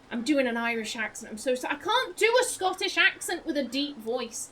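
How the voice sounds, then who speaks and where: A woman's voice: sits high, big pitch swings, fairly quick, few pauses, faint music behind, poor audio. A woman streamer commenting casually on a game as she plays, giggly, chatty, swearing now and then. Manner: giggly, swears, reacts out loud. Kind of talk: let's play commentary.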